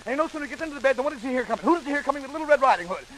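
A man telling a fairy tale as rapid-fire comedy, full of wisecracks and rhetorical questions. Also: very high-pitched, lively intonation, a bit bright, slight background noise, poor audio. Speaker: comic storyteller.

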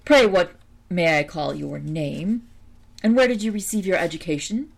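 A hard-hearted storybook king with a low, gravelly voice, as a woman reads him out. He speaks sternly and with cold courtesy, in slow, measured words. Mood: falsely gentle. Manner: stern, then falsely soft. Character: proud hard-hearted older male king.

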